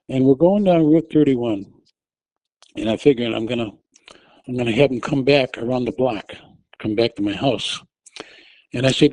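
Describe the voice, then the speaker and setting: A man's voice: medium pitch, normal speed, no room sound, low-quality recording. Man telling a gripping personal story. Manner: restarts often, raises his voice when retelling his shouts. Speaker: interview guest telling his testimony. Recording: audio only.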